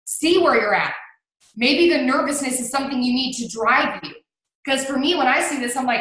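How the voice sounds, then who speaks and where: A woman giving an energetic motivational talk as a guest on a video call, who laughs often and gets hyped. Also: sits high, brisk, heavy reverb, rough recording. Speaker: guest speaker.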